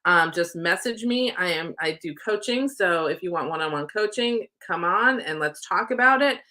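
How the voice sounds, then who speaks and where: Bright-voiced, chatty middle-aged woman. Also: lowish voice, expressive, moderate pace. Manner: chatty, rambling, affectionate; says "y'all" often. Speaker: spiritual life coach. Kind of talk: casual chat to camera.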